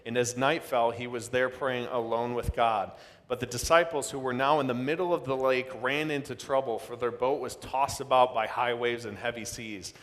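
A male pastor giving a sermon, dropping low for emphasis and breaking into loud, dramatic quoted voices. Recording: long reverb of a large hall.

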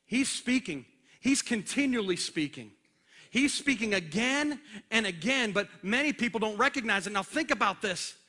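Man, pastor, sermon, very high voice, animated, church stage microphone. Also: moderate pace. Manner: animated, acts out scenes with a helper on stage. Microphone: handheld or stage microphone.

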